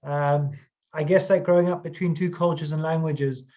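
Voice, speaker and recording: A man's voice: fairly high pitch, steady tone, moderate pace, mellow. Man reading questions over a dull line. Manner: hesitant, many fillers. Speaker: interviewer.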